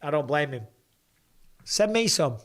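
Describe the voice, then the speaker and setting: Worn-out male stream host with a slightly high voice, blunt and profane, chatting casually with viewers. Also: very animated, measured pace, fairly bright tone. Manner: blunt and chatty, swears freely, reads viewer comments aloud. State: tired after hours of talking. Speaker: host of a live fight watch-along stream. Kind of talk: casual live-stream reaction chat.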